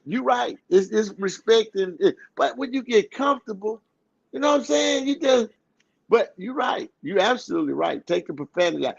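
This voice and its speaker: A man's voice: high-pitched, lively intonation, moderate pace, gravelly, fairly bright tone. A man with a Houston accent, a podcast co-host in casual chat, loose and joking as he acts out heated lines. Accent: Southern US, Houston. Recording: dull lo-fi sound.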